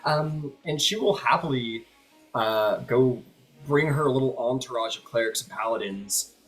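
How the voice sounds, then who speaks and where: A man's voice: mid-range voice, unhurried. Guy gm-ing a tabletop game, rambly, lots of ums, faint music behind. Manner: rambling, filler-heavy description. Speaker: game master.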